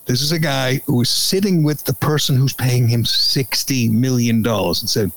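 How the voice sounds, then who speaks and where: A man's voice: medium pitch, normal speed, few pauses, low-quality recording. A man hosting a podcast, giving sarcastic, incredulous opinion commentary in a ranting manner. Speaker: podcast host.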